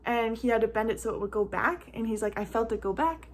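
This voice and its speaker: A young mom telling a storytime vlog in a slightly high voice. She rambles casually with lots of "like" fillers, and her talk turns emotional at times, close to tears. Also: animated, quick pace, slight background noise. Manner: chatty, rambling, many "like" fillers.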